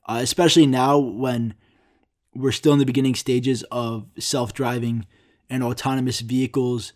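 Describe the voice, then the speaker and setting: A young man hosting a solo podcast, ranting in an exasperated, profane way and mocking other people with quick impressions. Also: medium pitch, steady tone, darkish tone. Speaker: podcast host.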